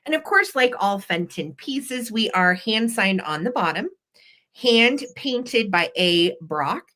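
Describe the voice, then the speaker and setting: A woman's voice: mid-range voice, lively intonation, slow pace, sharp tone. A woman hosting a live vintage sale, chatty and upbeat, running auction countdowns. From western United States. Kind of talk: live selling chat.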